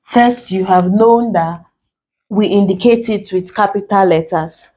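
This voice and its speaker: A woman with a mellow, warm voice teaches an English exam tutorial. She explains patiently, goes over key points more than once, and slows right down when dictating notes. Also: medium pitch, poor audio.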